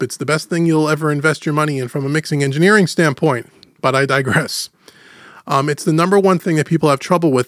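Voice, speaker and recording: Male podcast host, slightly high voice, chatty explainer, dry close studio mic. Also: dry recording. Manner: chatty, explanatory, slows down to stress points. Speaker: podcast host teaching audio mixing. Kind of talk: casual podcast teaching. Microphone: studio microphone through gentle compression.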